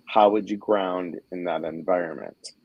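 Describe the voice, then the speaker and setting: A man's voice: deep voice, fairly even intonation, moderate pace, muffled recording. A man hosting an interview, giving short acknowledgments and reading out listener questions. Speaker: podcast host. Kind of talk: casual interview chat.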